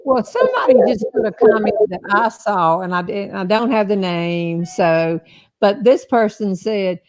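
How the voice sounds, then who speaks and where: A woman hosting a relaxed live chat, chatty and laughing easily as she reads out viewer questions. Her voice sits at a middle pitch and is recorded dry and close, with little room sound. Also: normal speed, dry recording. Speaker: host. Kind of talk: casual live chat show.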